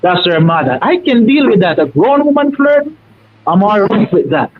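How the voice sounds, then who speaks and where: A man's voice: sits high, sing-song, normal speed, a little hiss or hum. A man with a Jamaican accent calling in, telling a rambling, emphatic story in a folksy way. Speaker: caller. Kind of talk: casual storytelling on a live call. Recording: tinny dry phone line.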